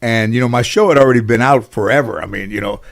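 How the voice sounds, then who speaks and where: A middle-aged man, a guest in an interview, tells casual stories in a rambling way full of "you know." His voice is medium-pitched and gravelly, and he talks fast.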